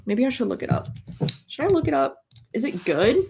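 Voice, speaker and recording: A young woman hosting a live readathon stream, reading chat messages aloud and chatting casually and excitably, with many filler words. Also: sits high, measured pace.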